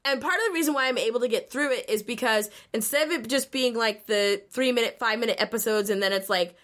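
A woman's voice: on the high side, fast talker, a bit bright. A young woman on a podcast, chatting casually and animatedly retelling a show, peppering her talk with "like".

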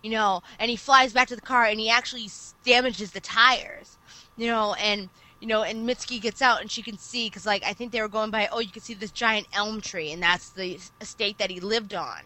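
A woman co-hosting a casual podcast, retelling an anime plot at length in an animated storytelling manner. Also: medium pitch, brisk, poor audio. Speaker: podcast co-host. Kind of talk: casual chat.

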